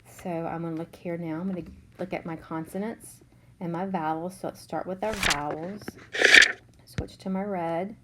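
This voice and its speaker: A woman teaching a third grade class, slowly and patiently sounding out letters and words. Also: lowish voice, fairly even intonation, heavy background noise. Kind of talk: remote spelling lesson.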